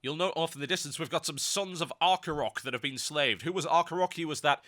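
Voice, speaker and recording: Hoarse, nasal man with a very bright voice. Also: on the high side, fast talker. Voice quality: slightly nasal. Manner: ranty, sarcastic asides. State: hoarse voice with a cold. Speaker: game commentator. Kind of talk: gameplay commentary.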